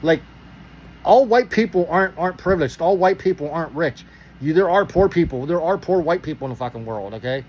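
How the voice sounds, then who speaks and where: Casual male storyteller from Pittsburgh: quick, swearing, acts out the dialogue. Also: on the high side, dull audio. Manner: profane, animated, acts out dialogue.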